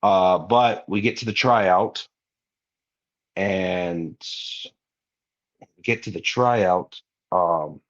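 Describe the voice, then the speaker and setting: Lo-fi audio carries a low-sitting male voice that goes extremely slowly, with long pauses. The speaker, a young wrestler on a podcast, tells casual stories with animated slang and plays out what others said.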